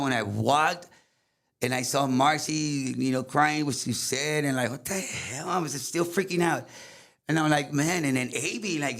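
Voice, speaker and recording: A middle-aged man with a Tejano accent, telling a painful personal story in rambling English mixed with Spanish, full of fillers. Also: medium pitch. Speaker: guest recounting a story.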